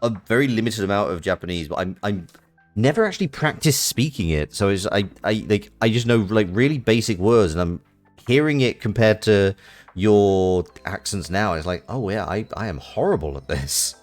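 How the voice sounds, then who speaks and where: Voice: deep voice, expressive, normal speed, soft background music. A host chatting casually during an online board game, rambling with frequent restarts while explaining the rules, on a home microphone over a video call. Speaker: streamer hosting a board game session.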